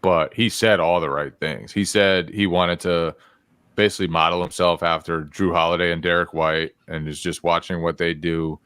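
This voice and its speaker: Deep-voiced man, dry podcast chat. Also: fairly even intonation, fairly bright tone, clear, resonant tone, no room sound. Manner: measured, thoughtful analysis. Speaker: podcast co-host and beat reporter. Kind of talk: casual sports podcast chat.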